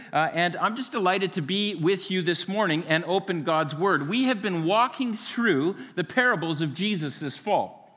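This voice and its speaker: A man's voice: sits high, sharp tone. A man preaching a sermon as pastor, friendly and earnest, with many small fillers. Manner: friendly, joking then earnest, filler-heavy. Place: church sanctuary. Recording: long reverb of a large hall.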